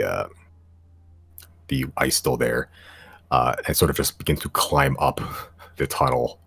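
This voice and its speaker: A man running a tabletop game in a very deep, creaky voice with a husky texture. His narration is casual and hesitant, with many fillers. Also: fairly bright tone. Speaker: game master.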